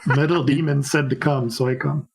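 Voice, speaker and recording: A man voicing a feral male brute warrior who talks in blunt, broken phrases, with a husky voice. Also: mid-range voice, steady tone, normal speed. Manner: broken caveman-like speech.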